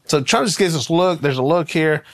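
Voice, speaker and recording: Uomo del Sud degli USA, narratore alla buona, voce medio-alta, suono asciutto. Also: male voice, a little high, normal speed, dry recording, clean studio sound. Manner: animated, laughing, folksy storyteller. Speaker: guest. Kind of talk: casual storytelling anecdote.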